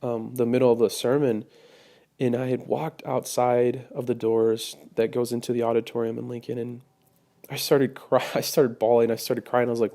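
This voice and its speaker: A young man sharing a personal testimony, hesitant, with many pauses and restarts. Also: mid-range voice, steady tone, vocal fry, mellow. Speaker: testimony speaker.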